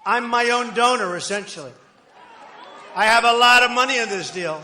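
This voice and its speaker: Older man, rally speech, boastful, rambling, loud bursts, echoey PA, faint crowd hum. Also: very high voice, moderate pace. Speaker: political candidate at a rally. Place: large outdoor rally crowd.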